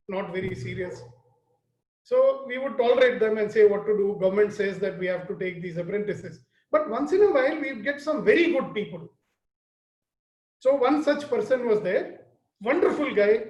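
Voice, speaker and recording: A man's voice: sits high, a little mellow. A man with an Indian accent teaching a leadership class, earnest and often questioning his listeners. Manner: earnest, questioning the audience, storytelling. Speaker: leadership trainer. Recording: roomy, dull lo-fi sound.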